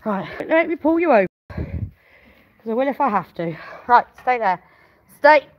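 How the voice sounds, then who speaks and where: A woman's voice: on the high side, very animated, moderate pace. A woman filming a farm vlog in a sheep pen, coaxing and urging a ewe while she works and talking to viewers between sighs. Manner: effortful, sighing, swears while wrestling a sheep. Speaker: farmer vlogger.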